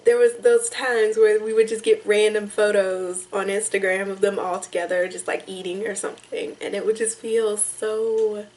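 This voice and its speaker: A young woman vlogging to camera, emotional and tearful, talking in halting, rambling sentences full of restarts. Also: mid-range voice, fairly even intonation, a little mellow, rough recording. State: tearful, crying on and off. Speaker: vlogger reacting to music. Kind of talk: casual emotional talk to camera.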